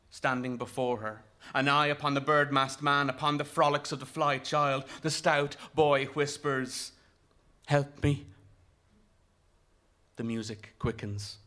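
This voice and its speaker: A man reads a literary story aloud at a slow, deliberate pace, letting each image land. His voice sits in an ordinary middle range, measured and rhythmic. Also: medium pitch, pushed and bright. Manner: measured and vivid, with rhythmic delivery. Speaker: narrator. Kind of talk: literary audiobook narration.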